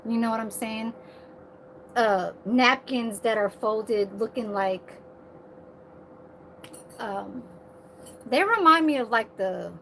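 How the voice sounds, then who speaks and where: A woman's voice: fairly high pitch, gravelly, a bit bright, a little hiss or hum, low-quality recording. A woman vlogging in a casual, rambling monologue, swearing freely and laughing at her own asides about working as a server. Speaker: server at a senior living community.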